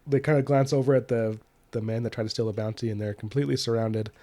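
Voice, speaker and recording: Gravelly man retelling a story. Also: mid-range voice, fairly even intonation, fast, mellow. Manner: retells the story loosely, with many fillers. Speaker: podcast co-host. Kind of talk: casual book discussion.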